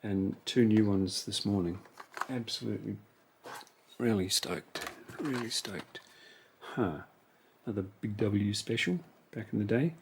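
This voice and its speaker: A man's voice: fairly low pitch, a little slow, a little hiss or hum. A man chatting casually to himself while unboxing toy cars, musing over each one. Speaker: toy car collector. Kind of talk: relaxed unboxing commentary.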